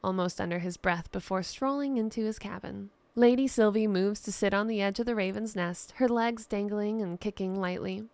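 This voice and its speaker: A woman narrating a scripted fantasy tale in a steady, descriptive storytelling voice. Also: mid-range voice, normal speed, few pauses, no room sound. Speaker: writer and narrator.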